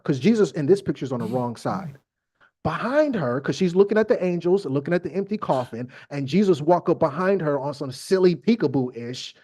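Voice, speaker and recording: Man, podcast host, high voice, wide swings in pitch, slangy irreverent scripture riff, halting fillers. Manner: irreverent, slangy, animated storytelling. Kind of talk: comic Bible reading and riffing.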